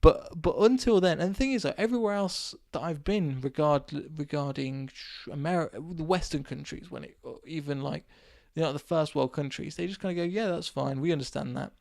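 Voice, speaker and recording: A hoarse man from England chats alone into a close podcast mic, his slightly raised voice rough with gravel. He rambles through an animated anecdote, his voice worn thin. The sound is dry and close, with no room around it. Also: a little high, a little fast, few pauses, no room sound. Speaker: podcast host. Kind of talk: casual solo podcast storytelling.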